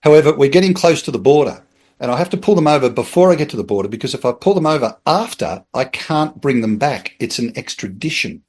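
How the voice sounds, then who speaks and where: A middle-aged Australian man, once a police officer, appears as a podcast guest and tells a casual anecdote in a fast, mid-range voice. He's a lively storyteller, acting out the voices in his story and laughing mid-sentence.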